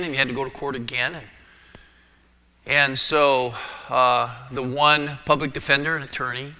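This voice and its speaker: A middle-aged man preaching a sermon as a pastor, telling a personal story with lively energy and dropping his voice low for prayer. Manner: animated storyteller, drops to a hushed voice for prayer. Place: church sanctuary. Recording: long church reverb.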